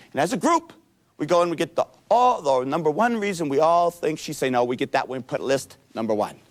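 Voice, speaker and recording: Animated folksy male seminar speaker. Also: medium pitch. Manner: animated, folksy, playful storytelling. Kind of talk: self-help seminar lecture.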